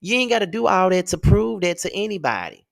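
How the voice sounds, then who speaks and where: A man's voice: very animated, fairly quick, vocal fry. A man ranting in a profane, exasperated video review, firing off rhetorical questions. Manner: rhetorical questions, jumps high in pitch. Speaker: YouTube reviewer.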